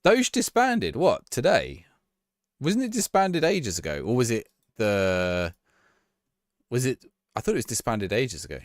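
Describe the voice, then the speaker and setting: A man's voice: medium pitch, sing-song, unhurried, no room sound, clean studio sound. A man chatting casually to his viewers on a live stream, laughing and reacting to a match as he talks. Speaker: livestreamer.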